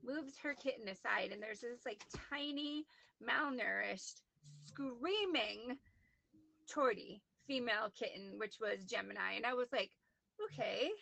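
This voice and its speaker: A woman on a video call telling a story in a chatty, animated way, acting out what people said. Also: on the high side, moderate pace, creaky, dry recording. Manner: chatty, animated, quotes people in lively voices. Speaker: guest.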